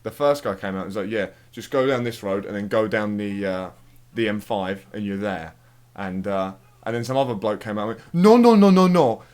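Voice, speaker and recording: Rambling lad telling a story. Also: male voice, lowish voice, fairly even intonation, a little fast, clear, resonant tone. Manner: rambling storyteller, swears a lot, laughs. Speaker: let's play commentator. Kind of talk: casual chat over gameplay.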